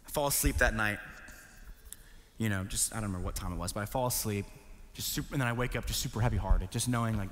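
A young man preaching a sermon, telling a personal story, swinging between hushed lows and pleading highs. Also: fast talker, long reverb tail, a little hiss or hum. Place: church hall.

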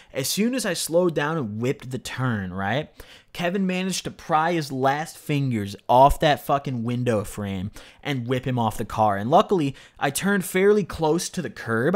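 Animated, rambling young-sounding storytelling man. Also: mid-range voice. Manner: rambling, fills speech with "like", "you know" and "right?"; emphatic, swears freely. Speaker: storyteller vlogger. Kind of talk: casual storytime monologue.

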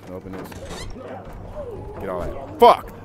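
A man streaming a video game, giving blunt, profane, excitable play-by-play commentary. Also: on the low side, moderate pace, crowd noise. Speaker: gaming streamer. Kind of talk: casual let's-play commentary. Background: game music.

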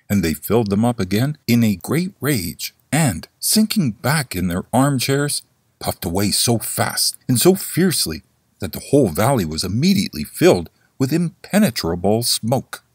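A man's voice: medium pitch, big pitch swings, moderate pace, slightly rough, no echo, studio quality. A man narrating a classic story as an audiobook, in a theatrical reading style. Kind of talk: scripted horror story narration.

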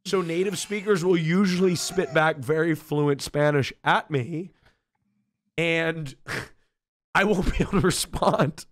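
A man from Oregon chats on a podcast, telling stories in an animated, joking way. His voice sits a bit high for a man. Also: slow. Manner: animated storyteller, playful and laughing. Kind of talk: casual chat.

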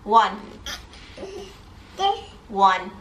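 A woman's voice: medium pitch, level tone, extremely slow, a bit bright, highs cut off, a little hiss or hum. A woman and mother talking casually in a vlog, chatty and loose with fillers. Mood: playful. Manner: playful sing-song when counting with her baby. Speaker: mother and vlogger.

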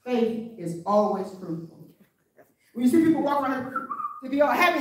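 Woman preacher, high voice, lots of why-don't-you questions, big echo, sounds far from the mic. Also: sing-song, normal speed, noisy background. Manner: conversational preaching with rhetorical questions. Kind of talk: sermon. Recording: very echoey room, voice from afar.

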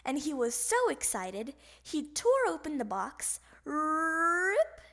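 Slow, animated woman reading a storybook. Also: high-pitched. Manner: animated, expressive. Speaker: storybook reader. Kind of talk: children's storybook read-aloud.

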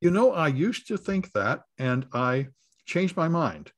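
A man's voice: a little high, sing-song, a little slow. A man hosting a casual panel discussion, making dry, musing remarks. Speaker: host.

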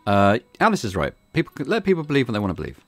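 A man's voice: medium pitch, huge pitch swings, very fast, fairly bright tone, no echo. A man hosting a let's play, reading a detective visual novel aloud with casual asides.

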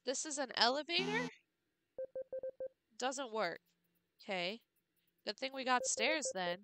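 A woman's voice: sits high, sing-song, slow pace, background noise. A woman streamer muttering and thinking aloud while puzzling through a game. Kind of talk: casual gameplay commentary.

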